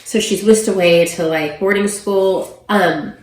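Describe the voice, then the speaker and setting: A woman's voice: medium pitch, fairly even intonation, measured pace. A woman giving a casual book review, chatty and full of ums and you-knows. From Oklahoma, USA. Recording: roomy echo.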